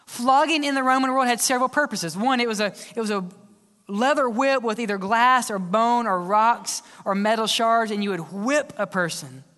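A male pastor preaching a sermon, swinging between loud cries and hushed whispers. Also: extremely high pitch, moderate pace. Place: large church hall. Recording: long church-hall reverb.

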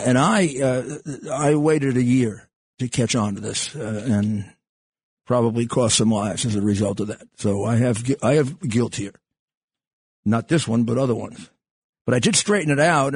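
An older man hosting a talk radio show, rambling along with halting restarts and frequent fillers. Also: mid-range voice, breathy edge, no room sound. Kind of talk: casual talk radio monologue.

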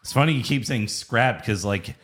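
A man's voice: medium pitch, normal speed, fairly bright tone. A man co-hosting a podcast in casual chat, making laid-back, agreeable remarks. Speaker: podcast co-host.

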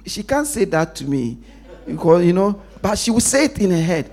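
A man preaching a sermon in call-and-response style, dropping to a hush to stress a point and asking the congregation to complete his lines. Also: fairly quick. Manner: call-and-response preaching, lively pitch, drops to a hush for emphasis. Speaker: pastor.

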